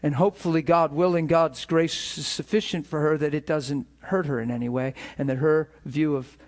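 A man preaching a conversational sermon as a pastor, animated, acting out imagined thoughts in a hushed voice and laughing between points. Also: fairly high pitch, normal speed.

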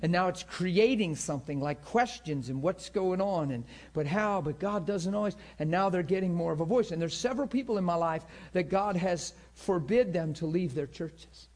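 Animated preacher man telling stories. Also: high-pitched, moderate pace, few pauses. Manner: animated storytelling, acts out quotes in voices. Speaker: pastor teaching a healing class. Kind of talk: informal sermon teaching.

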